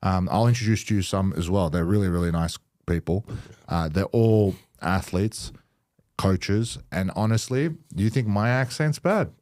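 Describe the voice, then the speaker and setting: A man with an Australian accent hosting a casual podcast chat, telling stories with lots of laughter and swearing. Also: low-pitched. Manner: animated, laughing, swearing, quick storytelling. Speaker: podcast host.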